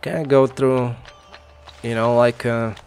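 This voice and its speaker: A man's voice: medium pitch, steady tone, measured pace, darkish tone, clean tone. A man hosting a casual let's-play, chatting, thinking aloud and laughing often as he plays. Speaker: gaming channel host.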